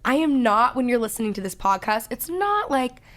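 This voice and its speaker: A woman in her twenties from Texas with a Valley Girl accent, a podcast host chatting casually, loud and talkative, saying "like" a lot. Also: on the high side, big pitch swings, brisk. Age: 20s. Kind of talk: casual chat.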